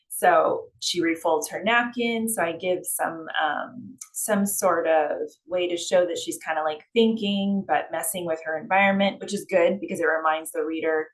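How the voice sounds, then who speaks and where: A woman's voice: lowish voice, fairly even intonation, a little slow. A woman editor explaining writing tips in a loose, conversational way.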